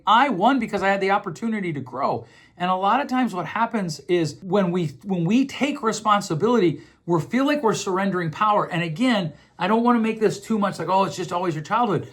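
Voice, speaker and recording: Conversational man, slightly high voice. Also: lively intonation, fairly quick, a bit bright, breathy edge. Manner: conversational, repeats words while thinking, acts out quoted voices. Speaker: podcast host. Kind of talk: casual explanatory monologue.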